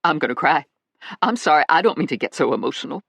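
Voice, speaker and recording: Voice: medium pitch, animated, fast, gravelly, a bit bright, husky, dry recording, exaggerated voice. A narrator doing a sassy, brash woman. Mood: emotional. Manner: sassy, emphatic, self-assured.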